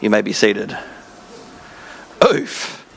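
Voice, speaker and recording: A man's voice: lowish voice, sing-song, extremely slow, vocal fry, a little hiss or hum. A man preaching a sermon in church, reading scripture with joking asides in a casual way. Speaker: pastor.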